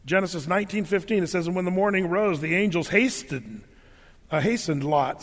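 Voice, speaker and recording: A man preaching a sermon and reading scripture aloud, animated and humorous, briefly acting out the biblical figures in his own voice. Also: high-pitched, a little fast, long reverb tail. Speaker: pastor.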